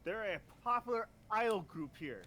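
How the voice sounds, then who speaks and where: Nerdy young idol fanboy voiced by a guy, high and bright, slight hiss. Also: lively intonation, moderate pace. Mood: eager. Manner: nerdy, eager. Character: round young man, nerdy idol fan. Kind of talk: voicing a visual novel live.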